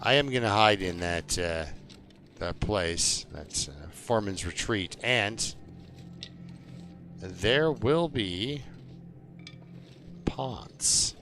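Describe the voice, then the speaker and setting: A man's voice: fairly low pitch, expressive, bright, forceful tone, soft background music. A man streaming a survival game, chatting and telling stories at a rambling pace with lots of fillers. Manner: slow, rambling storytelling with many fillers. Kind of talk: relaxed gameplay commentary.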